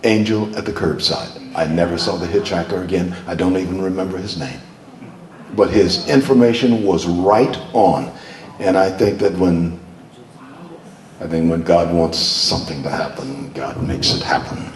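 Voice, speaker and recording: Speaking at a moderate pace in a low voice, this older guest speaker, a longtime TV journalist, tells stories conversationally to an audience in a hall. He tends to repeat words when starting a thought, and the recording carries room echo and slight noise.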